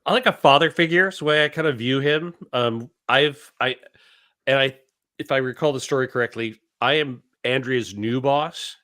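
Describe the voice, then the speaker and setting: A man voice actor describing his roles in a casual video-call interview, relaxed and hesitant with ums. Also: medium pitch, normal speed.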